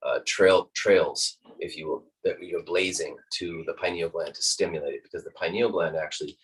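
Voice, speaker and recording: A man teaching a guided breathing lesson, calm and instructive, demonstrating each breath aloud. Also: deep voice, moderate pace, breathy edge, recorded from a distance, low-quality recording.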